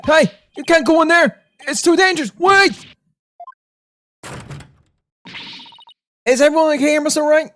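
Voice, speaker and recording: A woman voicing an excitable young woman assistant in a game, frantic and breathless. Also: sits high, a little fast, pitched above the performer's own voice. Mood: alarmed.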